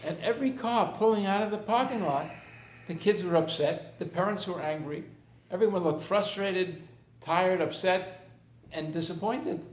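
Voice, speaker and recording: Sitting high and moving at a moderate pace, a man's voice carries a therapist's conversational talk to a group. He shares anecdotes and acts out scenes, recorded in a roomy space with faint background noise.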